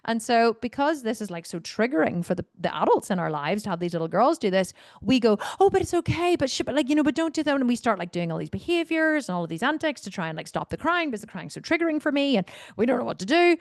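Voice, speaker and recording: A woman's voice: a little high, very animated, fast talker, no room sound, clean studio sound. A woman coach, talking bluntly and animatedly to members, swearing now and then and wandering off on tangents. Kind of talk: Q&A talk to members.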